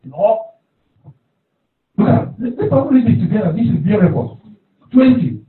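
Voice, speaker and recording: A man's voice: sits high, expressive, normal speed, pauses often. A man preaching a sermon, repeating his phrases and calling for responses from the congregation. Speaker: pastor. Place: church hall. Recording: echoey hall, distant, phone-like.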